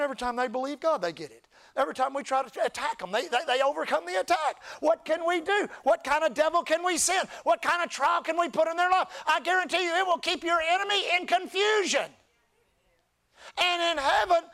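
High-pitched preacher shouting to his church. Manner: preaching, often rising to shouts with crowd call-and-response. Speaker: pastor. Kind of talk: sermon. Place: church service.

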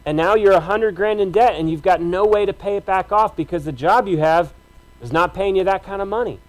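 Man, pastor, high pitch, sermon, conversational, emphatic, repetitive phrasing. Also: brisk, low-quality recording.

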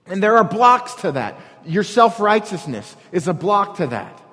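A man preaches with a fairly high voice, driving his points home through repetition and pointed rhetorical questions. His words ring out with the long reverb of a large hall, as in a church sanctuary. The delivery is earnest and steady. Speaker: pastor. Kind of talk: sermon.

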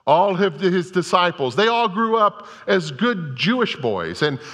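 A man's voice: high voice, sing-song, a little slow, a bit bright. A male pastor preaching a sermon to a congregation, telling scripture stories in a conversational, storytelling way. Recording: long reverb of a large hall.

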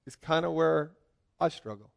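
A man preaching a lively sermon, joking with his congregation and asking them questions. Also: a little high, moderate pace, vocal fry. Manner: joking, asks the crowd questions, swings from loud calls to quiet asides.

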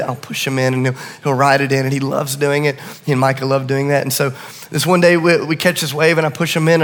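A middle-aged man preaching a sermon, swinging between hushed asides and rising urgency. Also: a little high. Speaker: pastor. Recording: long reverb of a large hall.

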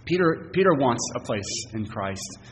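A man's voice: medium pitch, big pitch swings, a little slow. Guy preaching a sermon, earnest, leans on words hard, long echo, bit of hiss. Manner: earnest, emphatic preaching with fillers. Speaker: pastor. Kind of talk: expository sermon. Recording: long reverb, faint hiss.

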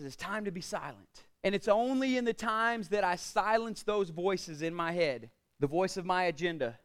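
Pastor guy preaching, really high voice, smooth and clear, goes loud then drops way quiet. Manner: preaching with rhetorical questions and call-outs to the congregation; swings between loud declarations and quiet, low asides. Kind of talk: sermon.

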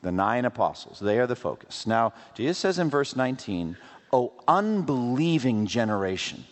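A man delivers a sermon with plenty of rhetorical questions and playful asides. His pitch rises and falls in lively swings. The sound rings with a long reverb from a large hall. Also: moderate pace. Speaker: pastor.

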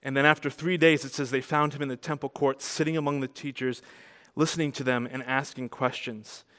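A man preaching a sermon as a pastor, conversational and animated, growing louder and softer as he tells the story. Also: medium pitch, fairly quick. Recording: long hall reverb.

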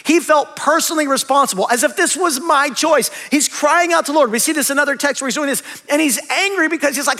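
A man's voice: very high-pitched, quick pace, vocal fry, hardly any pauses, bright, forceful tone, long reverb tail. A male pastor preaching a sermon in a conversational way, correcting himself and adding light humorous asides.

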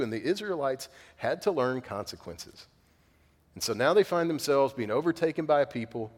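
A man in his thirties preaching a sermon earnestly, acting out the voices he quotes. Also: medium pitch. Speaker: pastor. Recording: long hall reverb.

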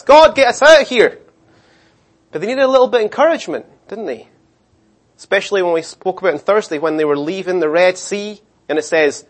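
A middle-aged man preaching a sermon, animated, acting out the voices of the people in his story. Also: high voice. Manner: animated, acts out voices of complainers and God. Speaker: pastor.

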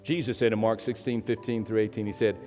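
A man preaching a sermon as pastor to a live and online congregation, animated and laughing often, moving from loud exhortation to hushed prayer. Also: on the low side, fast. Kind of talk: sermon with call and response. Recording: long hall reverb, dull lo-fi sound, faint music.

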